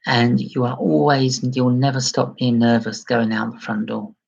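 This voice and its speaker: A man hosts a casual livestream and answers viewer comments in a chatty, self-deprecating way. His voice has a gravelly fry and a husky edge, and he nudges his pitch up toward a feminine tone. The audio is a little dull and muffled. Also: flat delivery, normal speed, a little mellow. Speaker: livestream host.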